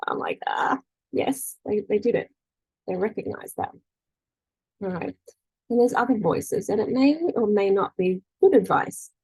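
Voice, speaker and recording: A middle-aged woman, a spiritual energy-healing coach, leads a faith group meeting in a casual teaching talk, chatting freely, often saying "you know" and "right?", and acting out quoted voices. Her mid-range voice is husky and darkish, at normal speed with frequent pauses. The recording is low quality with no room sound.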